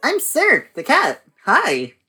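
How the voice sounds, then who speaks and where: A woman's voice: high-pitched, wildly swooping pitch, slow, sharp tone, breathy edge, faint music behind. A woman co-hosting a podcast, chatting casually and tossing in blunt, crude quips. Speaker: podcast co-host.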